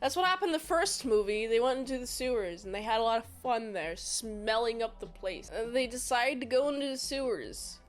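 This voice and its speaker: High-voiced woman doing a jokey, rambling recap. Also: fairly quick, few pauses, soft background music. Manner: rambling, jokey and self-deprecating. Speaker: movie reviewer. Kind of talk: casual movie recap.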